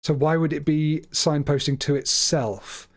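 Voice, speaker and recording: A man's voice: on the high side, fairly even intonation, measured pace. A man hosting a live stream, commentating a game as he thinks aloud in a chatty, hesitant way that often stumbles over his words. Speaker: livestream host.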